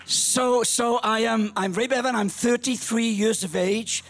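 A man in his sixties preaching a humorous storytelling sermon, lively, rising to shouts. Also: extremely high pitch, measured pace, a faint crowd, slight background noise. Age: 60s. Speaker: pastor.

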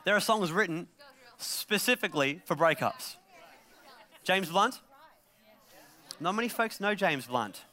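A man preaching a sermon to a live congregation, moving from jokes to loud exhortation. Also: high voice, animated, measured pace, long pauses. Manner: joking, then rising to a loud exhortation. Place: live service before a gathered congregation.

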